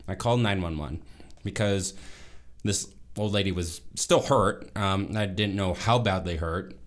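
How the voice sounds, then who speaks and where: A man's voice: low-pitched, a little slow. A man in his thirties telling a story in a casual vlog monologue, rambling and correcting himself as he goes. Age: 30s. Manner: rambling, self-correcting, animated retelling. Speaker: vlogger.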